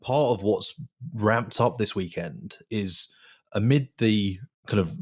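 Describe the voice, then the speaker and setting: A man's voice: lowish voice, slow, slightly rough. A male journalist on a podcast, chatting casually and analysing in detail, with fillers like "you know". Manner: analytical, with fillers like 'you know'.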